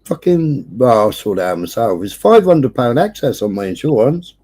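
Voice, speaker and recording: A man, hosting a livestream and telling a neighbourhood story in casual chat, swearing nonstop with animated delivery. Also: medium pitch, normal speed, breathy edge. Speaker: livestream host. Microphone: streaming setup.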